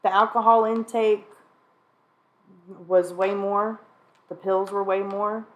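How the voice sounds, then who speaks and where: An adult woman, a mother, sits down with her sister for a relaxed, candid talk about her addiction and recovery. Her middle-pitched voice moves slowly, and she speaks frankly, laughing now and then and often clearing her throat.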